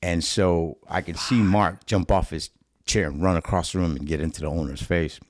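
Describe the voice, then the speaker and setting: A man's voice: low-pitched, normal speed, no echo, studio quality. A middle-aged man from Chicago, a stand-up comedian, telling a story casually on a podcast, swearing freely and acting out what others said. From Chicago, USA. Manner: animated storyteller, acts out quotes, swears freely.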